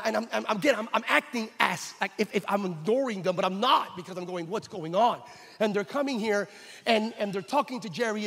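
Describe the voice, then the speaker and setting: A male pastor preaching a sermon on a church stage, telling a story and building to shouted exhortation. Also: sits high, breathy edge. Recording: hall reverb.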